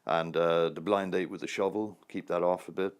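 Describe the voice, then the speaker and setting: A man's voice: low voice, steady tone, normal speed, smooth. A man in his sixties, an actor, answering interview questions in a rambling, anecdotal way with frequent chuckles. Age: 60s.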